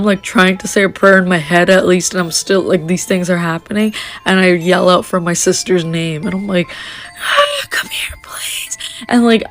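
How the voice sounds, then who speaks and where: A young woman from Canada casually telling a personal ghost story, rambling with fillers and restarts. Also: fairly low pitch.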